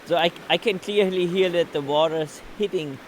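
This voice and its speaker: A man's voice: on the high side, moderate pace, a little hiss or hum. A man vlogging outdoors by a river, explaining each step of his recording test as he goes. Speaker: vlogger testing recording gear. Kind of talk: casual outdoor field-recording vlog. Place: outdoors by a river shore with waves.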